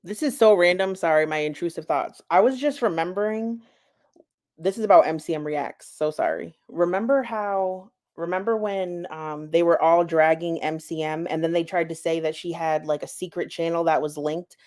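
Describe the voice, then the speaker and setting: Low-voiced woman hosting drama commentary. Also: moderate pace, a little mellow. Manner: chatty, gossipy asides. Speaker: commentary host. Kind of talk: casual commentary.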